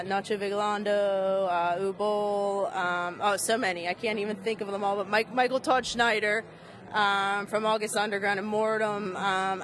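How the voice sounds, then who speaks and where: A woman from Pittsburgh, Pennsylvania, answering interview questions at a convention booth in a relaxed way, with frequent ums. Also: medium pitch. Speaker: interview guest, makeup artist.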